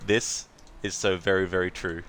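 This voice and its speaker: A man with a low voice hosts a let's play, rambling through casual commentary with laughing asides. Faint game sound runs beneath him. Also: level tone, moderate pace, a bit bright, slight background noise.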